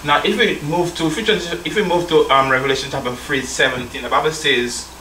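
Man preaching, bright voice, scripture reading, call-and-response, echoey room, distant mic. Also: a little high, steady tone, fast talker, a little hiss or hum. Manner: addresses listeners as brethren, asks call-and-response questions. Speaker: elder preacher. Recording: roomy sound from a distant mic.

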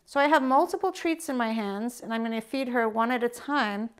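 A woman dog trainer talking through a training demo with a calm, gentle manner and soft cues to her dog. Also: a little high, fairly quick, clear, resonant tone.

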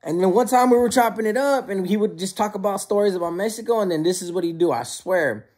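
A man who served time, casually telling prison stories in a slangy, animated way. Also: high voice, quick pace. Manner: slangy and conversational, often calls listeners bro; animated, acts out quoted lines. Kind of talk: casual storytelling to camera.

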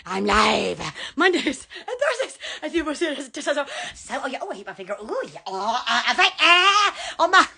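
A woman from Alabama, chattering excitedly on a phone livestream, giggling, gushing and stammering. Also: sits high, normal speed, creaky, few pauses, shouting. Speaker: social media livestreamer.

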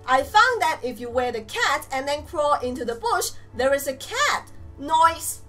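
A young woman giving animated let's play commentary, exclaiming and teasing the game characters as she plays. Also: sits high. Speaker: gamer.

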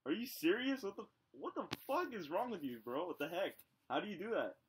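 A man's voice: sits high, very animated, fairly quick, a little hiss or hum. A man pranking strangers on a video chat, playful and mock-menacing as he jokes with them. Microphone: computer mic on a video chat.

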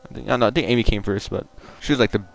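A young man giving casual, profane, joking commentary while playing a game online, rambling and bursting into loud excitement. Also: on the low side, rapid-fire, vocal fry. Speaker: gaming video creator.

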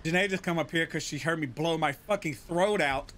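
A man giving live gameplay commentary, trash-talking a boss with lots of swearing and frequent frustrated shouting. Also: a little high, brisk, slight background noise. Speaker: gamer playing a video game. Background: loud video game music.

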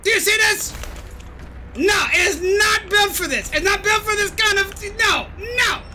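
A woman's voice: extremely high pitch, unhurried, background noise. Woman doing a ranting cartoon mad scientist. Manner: shouty, ranting, self-pitying. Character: grumpy middle-aged male cartoon mad scientist. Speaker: gaming streamer. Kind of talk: gameplay commentary in character.

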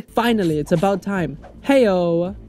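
A young man giving let's play commentary on a mobile fighting game, crude and joking, with loud excitable outbursts. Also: sits high, normal speed. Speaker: gaming YouTuber.

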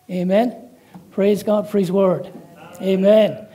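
This Irish-accented preacher has a high-pitched voice and a moderate pace. His warm-hearted sermon starts with prayer and a joke, and he punctuates it with frequent amens and praise.

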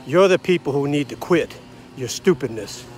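A man's voice: fairly high pitch, animated, moderate pace, faint music behind. A man in his sixties or seventies from the United States, delivering a blunt, combative, preachy rant straight to camera. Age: 60s to 70s. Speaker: vlogger. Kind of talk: ranting monologue to camera.

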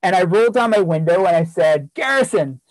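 A man's voice: high-pitched, fast talker, darkish tone, no echo, rough recording. A man giving a keynote talk, earnestly telling a story from his years as a teacher, with repeated phrases for emphasis. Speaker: keynote speaker, former teacher.

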